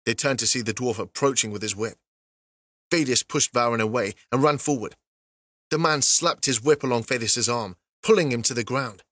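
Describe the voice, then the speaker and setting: A man narrating a fantasy story as an audiobook, steady and even. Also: medium pitch, normal speed, no echo.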